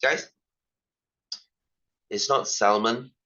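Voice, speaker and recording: A man's voice: mid-range voice, fairly even intonation, drawn-out words, pushed and bright, highs cut off. A male science tutor with a Singaporean English accent, teaching an online class, repeating himself and firing rhetorical questions with ranting asides.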